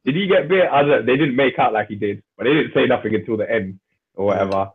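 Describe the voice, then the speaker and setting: A man, co-hosting a casual chat and retelling a TV episode in animated slang. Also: lowish voice, fast. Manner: animated storyteller acting out scenes in slang. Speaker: podcast co-host. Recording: husky voice over a tinny phone-like line.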